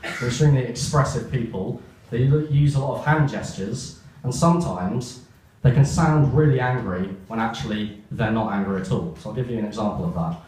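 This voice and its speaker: A young man performs a stand-up set, his deadpan asides pointing out his own jokes. His voice sits at an ordinary pitch and sounds distant, in a very echoey room with a faint hiss behind. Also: brisk, hardly any pauses. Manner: deadpan asides, self-aware about the joke. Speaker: stand-up comedian. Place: comedy stage. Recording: echoey room heard from far off.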